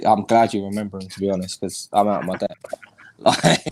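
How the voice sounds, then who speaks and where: A man's voice: on the low side, steady tone, normal speed, noisy background. A man hosting a casual podcast, joking and laughing easily with his guests. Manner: jokey, laughs often. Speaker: podcast host.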